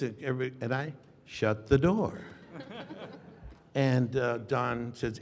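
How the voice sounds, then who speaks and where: An older man telling an animated anecdote on a convention panel, acting out dialogue and laughing often. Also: mid-range voice, measured pace. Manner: acts out dialogue with shifting voices, laughs often. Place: large convention hall. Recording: long hall reverb.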